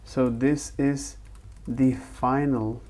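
A man explaining programming concepts in a halting way, with fillers and restarts. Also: mid-range voice, little pitch movement, a little mellow.

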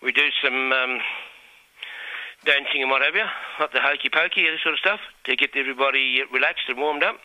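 A man's voice: medium pitch, fairly even intonation, pushed and bright, no room sound, rough recording. A man who works as a party clown, explaining his act patiently. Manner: chatty, explains patiently, with filler pauses.

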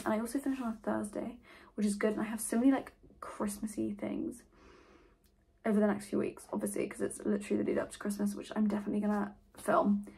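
A woman's voice: medium pitch, vocal fry, breathy edge. A young woman chatting casually to camera at home in her bedroom, rambling and saying "literally" and "like" a lot. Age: young adult. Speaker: vlogger. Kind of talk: casual vlog chat.

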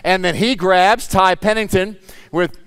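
Male guest pastor, high clear voice, storytelling sermon that drops into prayer. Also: steady tone, measured pace. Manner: storytelling, acts out voices, shifts into soft prayer.

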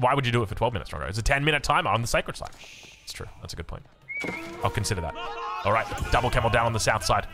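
An Australian man giving casual strategy game commentary, joking and poking fun at himself between plays. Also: medium pitch. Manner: animated, joking, self-mocking asides. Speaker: game caster.

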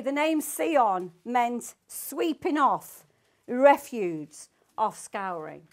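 An older woman leads a Bible study, reading verses aloud and pressing her listeners with questions. Her voice sits a little high and stays emphatic. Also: very animated, takes it slowly. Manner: emphatic, asks the group questions, reads scripture aloud. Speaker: Bible teacher. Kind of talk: Bible teaching.

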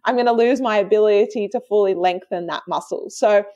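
A woman in her thirties, chatting casually as a podcast guest and telling a story in a lively, giggly way with many fillers. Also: mid-range voice, fairly quick, highs cut off. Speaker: guest, osteopath and movement coach.

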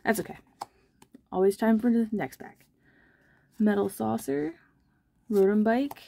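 Bubbly young woman vlogger, mellow voice. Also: medium pitch, a little slow, vocal fry. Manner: bubbly, chatty, self-deprecating. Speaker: card-opening vlogger. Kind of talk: casual chat while opening card packs.

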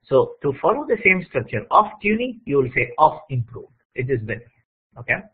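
A husky-voiced man lectures over slides at a middle pitch, pausing often to check in with his listeners. The recording is thin and tinny, like audio over a phone line. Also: sing-song. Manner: plain teaching tone with frequent "okay?" check-ins.

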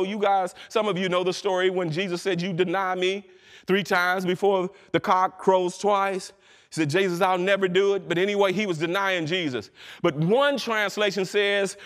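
A man preaching a fervent sermon as minister, rising to shouts and drawing out his phrases. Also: high voice, steady tone, moderate pace. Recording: long reverb of a church hall.

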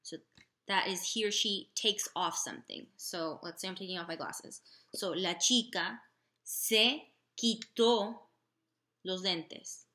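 A woman teaching a language lesson slowly and patiently, sounding out example phrases carefully and pausing on fillers. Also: fairly low pitch, bright, forceful tone. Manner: slow, deliberate, with many fillers. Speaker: Spanish teacher.

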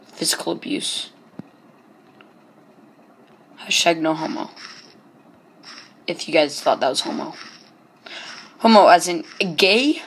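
A man's voice: high-pitched, fairly bright tone, slight background noise. A man giving casual gameplay commentary as host of his own channel, hesitant and full of ums, joking as he goes. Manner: hesitant, many ums and restarts; chatty and joking.

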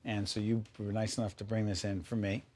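A man's voice: on the low side, level tone, a little fast, a little mellow. A middle-aged man hosting a TV interview, enthusiastic and playful, often jumping in. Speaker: TV interview host.

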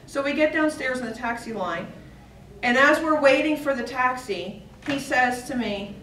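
A woman's voice: high voice, animated, moderate pace, a bit bright. Woman telling a funny story, echoey room. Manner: acts out dialogue, drops to a whisper for her son. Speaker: speaker at a speaking club. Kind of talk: humorous storytelling speech. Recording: echoey room, distant mic, faint hiss.

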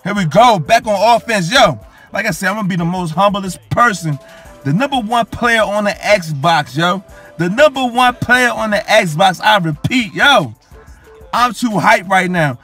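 A man's voice: high voice, expressive, a little slow, sharp tone, soft background music. A young man giving hyped, boastful gameplay commentary, repeating his catchphrases over and over. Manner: hyped, boastful, repeats phrases ending in "coach" and "yo". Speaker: gaming YouTuber.

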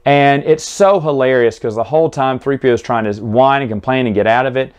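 A man's voice: medium pitch, brisk, smooth, dull audio. A man hosting a casual book recap, talking with enthusiasm and rambling through restarts. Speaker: book review host.

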